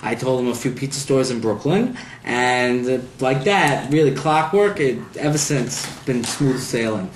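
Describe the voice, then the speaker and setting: A man's voice: mid-range voice, expressive, unhurried, hardly any pauses. A young man telling stories about his future in-laws with wry, self-mocking humor in a casual home interview. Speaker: interviewee, groom-to-be. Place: apartment room. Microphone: home video camera. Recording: roomy home video with faint noise.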